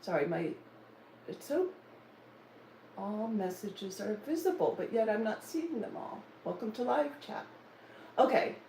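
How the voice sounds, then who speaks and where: A woman's voice: mid-range voice, expressive, measured pace, gravelly, long pauses, mellow, slight background noise. Chatty woman in her sixties, roomy sound. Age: 60s. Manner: chatty, teasing, laughs often. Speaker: cross-stitch vlogger. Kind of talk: casual live-stream chat. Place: home in Denver. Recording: roomy, slightly distant mic with faint ambience.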